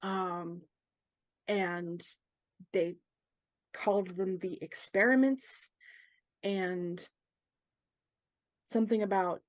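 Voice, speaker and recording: A woman playing a tabletop game character, talking haltingly and searching for words with many fillers. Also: fairly low pitch, steady tone, no echo. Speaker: player. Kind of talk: in-character tabletop role-play.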